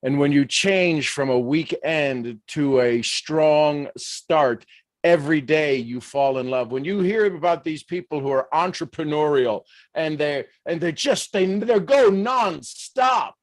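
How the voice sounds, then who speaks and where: A man from the United States, hosting a motivational livestream and speaking in an animated, emphatic way with frequent chuckles. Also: a little high, measured pace, no room sound. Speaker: host.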